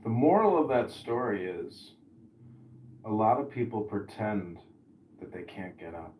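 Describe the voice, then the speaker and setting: Animated man telling stories in a roomy space. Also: lowish voice, measured pace, a little hiss or hum. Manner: animated storyteller, swears freely. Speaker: podcast host. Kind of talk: casual chat. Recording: roomy, distant mic.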